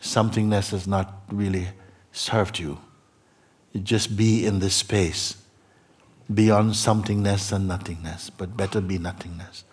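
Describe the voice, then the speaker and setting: Husky-voiced man giving an earnest spiritual talk. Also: sits low, steady tone, a little slow, a little mellow. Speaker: spiritual teacher. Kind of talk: satsang talk to a seeker. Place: meeting hall.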